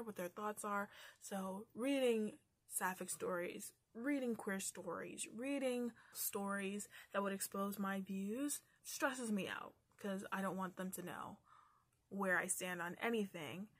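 A woman talks through her year of reading in a casual book review vlog. She speaks candidly and slips into little rants, swearing freely along the way. Her voice sits at an ordinary middle pitch and sounds close and dry, with no room echo. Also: breathy edge. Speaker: book vlogger.

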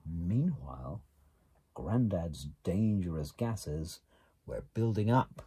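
A man reading a children's picture book aloud, animated, gasping and exclaiming at the pictures. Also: low voice, slow, breathy edge. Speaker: reader.

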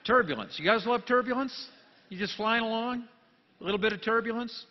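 A man's voice: very high voice, brisk. Man preaching in a long church echo. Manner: jokey, swings from quiet asides to loud emphatic bursts. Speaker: pastor. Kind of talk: sermon. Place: church sanctuary. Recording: long church reverb, dull lo-fi sound.

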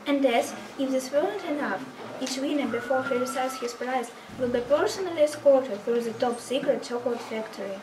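A woman's voice: sits high, a little fast, natural voice. A woman playing a news announcer in a school stage play, declaiming. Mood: announcing. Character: female news announcer, formal. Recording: echoey hall from far off, noisy.

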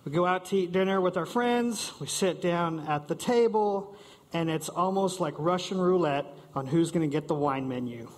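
A man giving a playful, animated short talk on stage to a live audience, acting out quick voices of diners and servers. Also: high-pitched. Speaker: speaker at a short-talk event.

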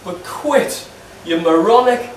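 A man putting on a Geordie accent to voice an angry male football fan's ranting texts, drawn-out and exasperated. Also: sits high, animated, heavy background noise. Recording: echoey hall, distant mic, laughing crowd.

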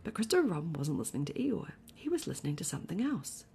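A woman reading a bedtime story aloud in a soft, slow, whispery ASMR voice. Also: fairly low pitch, big pitch swings, vocal fry, slight background noise.

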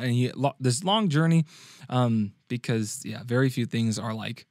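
A man's voice: lively intonation, normal speed, darkish tone. A young man gives a casual sermon-style talk in a medium voice. He chats loosely and restarts his phrases often. The sound is dry and close, with no room echo. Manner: conversational, restarts often, acts out quotes in a higher sung voice. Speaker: youth preacher and podcast host.

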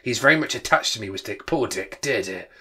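A man's voice: fairly low pitch, lively intonation, brisk, a crowd in the background, close to an everyday voice. A man voicing an elderly miser who exclaims and stammers as he relives his youth. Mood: excited.

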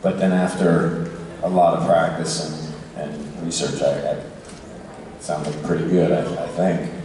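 A tired man chatting casually as a convention panel guest, relaxed and quick to laugh. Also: rumbling low, background noise. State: tired, short on sleep. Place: large convention hall. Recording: echoey hall recorded from far off.

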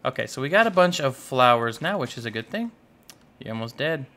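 Very animated and fairly quick, this young gaming YouTuber speaks in a mid-range voice that sounds pushed and bright. During his casual Let's Play, he playfully scolds the game's animals and mutters to himself while playing.

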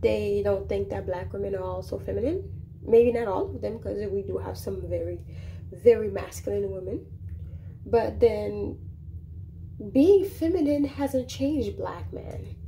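A woman vlogger giving sassy, animated opinion commentary to the camera in a casual way. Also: mid-range voice, a little slow, vocal fry. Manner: sassy, animated, talks back to the subject. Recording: roomy echo with faint background noise.

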